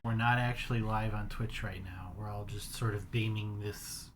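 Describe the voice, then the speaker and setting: A woman's voice: extremely low pitch, steady tone, normal speed, a little hiss or hum. A woman co-hosting a casual live stream with dry, joking asides. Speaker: streamer co-host. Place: home room.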